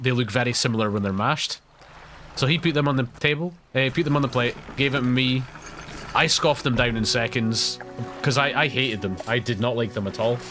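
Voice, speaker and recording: A man's voice: medium pitch, fairly bright tone. A Scottish man streaming a game live, telling rambling, chatty stories with frequent laughs. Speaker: gaming streamer. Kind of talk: live let's-play commentary.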